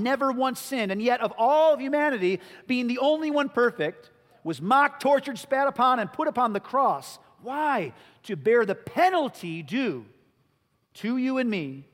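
A man's voice: very high voice, fairly bright tone. A male pastor preaching a sermon, earnest and rising to emphatic peaks, in a church. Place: church sanctuary. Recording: long reverb of a large hall.

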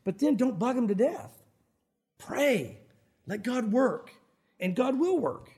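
A man preaching a sermon as a pastor, animated and acting out Bible scenes. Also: very high-pitched, slow, breathy edge. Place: church sanctuary.

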